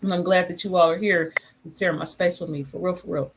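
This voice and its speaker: A woman hosting a casual livestream from her home, talking in a relaxed, rambling, reflective way. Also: fairly low pitch, fast, slight background noise. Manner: talks with food in her mouth. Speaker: channel host.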